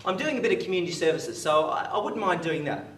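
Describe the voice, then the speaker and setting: Young aussie guy telling a story on stage, bit high voice, echoey hall, mic kinda far off. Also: fast, slight background noise. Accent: Australian. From Australia. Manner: lively anecdotal storytelling with acted-out quotes. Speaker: motivational speaker. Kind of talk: storytelling talk.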